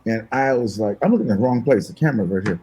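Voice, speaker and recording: An older man, a guest musician, telling animated, fast-paced stories in an interview and acting out the voices of the people in them. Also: lowish voice, rough recording. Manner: fast-talking, acts out voices in his stories, laughs often.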